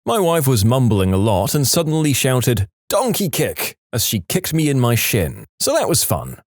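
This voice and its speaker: A man narrating reader-submitted stories in a scripted, expressive way, acting out the quoted lines with changing voices. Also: mid-range voice, normal speed, dry recording, clean studio sound. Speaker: storytime narrator.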